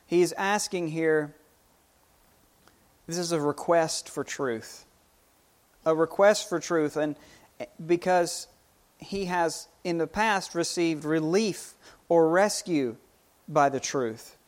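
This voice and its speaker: Slow-spoken male preacher. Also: a little high. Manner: unhurried, repeats and restarts phrases. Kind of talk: sermon.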